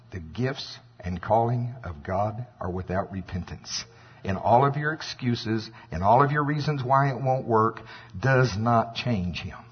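A man preaching a sermon, animated and acting out scripture voices, with a husky voice. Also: on the low side. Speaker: pastor. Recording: dull lo-fi with long hall reverb.

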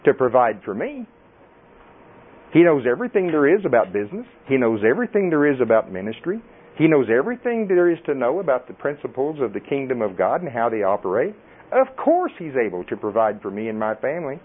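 Middle-aged male preacher, folksy and animated, mid-range voice on tinny audio. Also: mid-range voice, fairly quick, husky. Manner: folksy and animated, laughing often. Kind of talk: sermon.

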